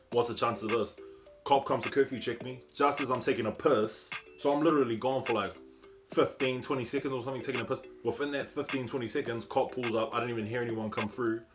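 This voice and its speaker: A young man with a New Zealand accent, telling a story casually, swearing freely and acting out what people said, with music behind him. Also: mid-range voice. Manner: slangy, swears a lot, acts out quotes. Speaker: vlogger.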